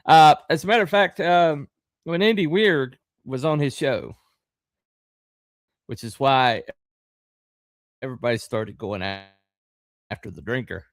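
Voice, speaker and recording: A middle-aged man hosting a podcast, talking in a rambling, halting way with lots of fillers and a wry, sarcastic edge. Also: medium pitch, dry recording, studio quality. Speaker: podcast host. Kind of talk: casual live-stream commentary.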